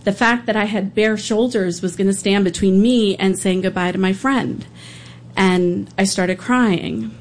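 A woman who works as a public defender, telling a true personal story live in an earnest, halting, emotional way. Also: medium pitch, steady tone.

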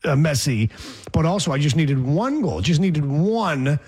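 A man's voice: fairly high pitch, very animated, a little slow, a little mellow, husky. A man hosting a sports talk show, chatting casually with rambling, sarcastic asides.

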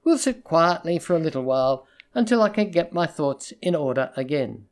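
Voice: mid-range voice, animated, moderate pace, natural voice. A storybook reader voicing a distraught young woman who pleads and threatens in a tense, urgent way. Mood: pleading.

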